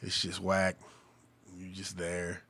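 A man's voice: low voice, monotone, takes it slowly, background noise. A man co-hosting a podcast, crude casual banter, storytelling and acting out friends with a raised voice. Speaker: podcast co-host.

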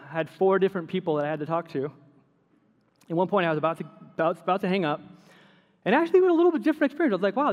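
A male pastor preaching a sermon, telling everyday stories in a lively, animated way and laughing at his own anecdotes. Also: a little high, big-room sound.

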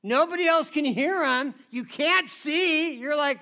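A man's voice: very high-pitched, measured pace, bright, forceful tone. A man preaching a casual, conversational sermon, chatty and always asking his listeners "right?". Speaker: pastor.

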